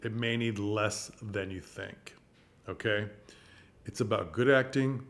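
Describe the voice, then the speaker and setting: A man's voice: on the low side, takes it slowly. A man hosting a theater channel, giving chatty, encouraging advice. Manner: chatty, coaching, encouraging, with rhetorical questions. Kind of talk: casual advice monologue.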